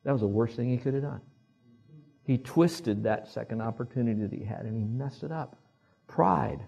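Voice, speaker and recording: A male pastor preaching a sermon, telling animated stories and acting out the quotes. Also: mid-range voice, moderate pace, creaky, husky, highs cut off. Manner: animated storyteller who acts out quotes.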